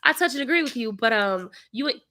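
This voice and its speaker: A bright, forceful-sounding young woman tells a long story in casual chat to her livestream viewers. She sounds tired and a bit congested, and she plays the people she quotes with lively, animated delivery. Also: a little high, fast talker. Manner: animated storyteller, acts out quotes, sudden loud outbursts. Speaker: vlogger, mother of young kids.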